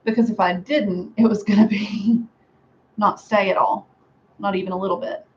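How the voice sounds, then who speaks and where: A woman's voice: mid-range voice, steady tone, moderate pace, muffled recording, slight background noise. Chatty, sarcastic woman with a drawl. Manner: chatty, sarcastic, laughs often. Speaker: beauty vlogger. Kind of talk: casual hair tutorial chat. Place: home room with a fan.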